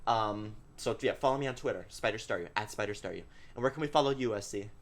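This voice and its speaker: A man hosting a casual podcast chat, animated and quick to laugh. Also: lowish voice. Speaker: podcast host.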